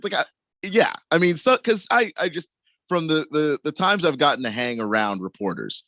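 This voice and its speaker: A man's voice: a little high, lively intonation, normal speed, a bit bright, dry recording. A man co-hosting sports talk radio, talking casually with frequent restarts and chuckles. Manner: stammering restarts, laughs while talking.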